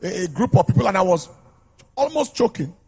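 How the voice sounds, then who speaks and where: A man preaching to a congregation in a declamatory style, with a high voice that swoops widely. His tone is rough with fry and a husky grain. He drives a call-and-response with the crowd, calling them to shout amen. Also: sing-song, fairly quick. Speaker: pastor. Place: church service with a congregation.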